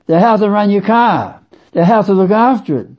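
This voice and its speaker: A man preaching a sermon slowly and with emphasis, repeating phrases for weight. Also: high-pitched. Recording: dull lo-fi sound.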